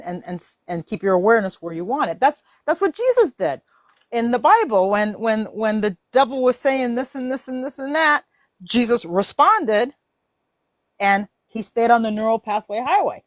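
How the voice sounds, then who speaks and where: A woman in a casual faith-based discussion, animated and laughing, acting out her own inner voice. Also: a little high, a little slow, no room sound.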